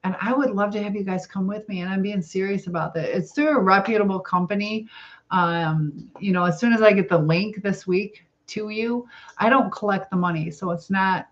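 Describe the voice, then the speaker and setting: A woman's voice: mid-range voice, normal speed. A middle-aged woman with a Southern US accent, hosting a casual cooking livestream, rambling and reading viewer comments aloud. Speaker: livestream host. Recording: dull lo-fi livestream audio.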